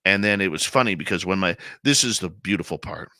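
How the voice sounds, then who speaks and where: A man's voice: deep voice, expressive, fairly quick, pushed and bright, no echo, clean studio sound. A male radio host, emotional and heartfelt as he shares a personal story in conversation. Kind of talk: conversational interview.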